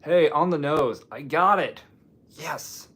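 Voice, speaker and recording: A man's voice: on the high side, takes it slowly, a bit bright, slightly rough. A man from Washington State hosting a casual live stream, rambling and joking while answering viewer comments. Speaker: livestream host.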